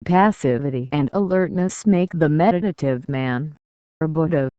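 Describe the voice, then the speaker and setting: Man slowly reading a spiritual talk, smooth voice, dull dry muffled recording. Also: on the high side, no room sound. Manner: measured, deliberate, with long pauses between short phrases. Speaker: audiobook narrator. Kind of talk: slow audiobook reading of a spiritual discourse.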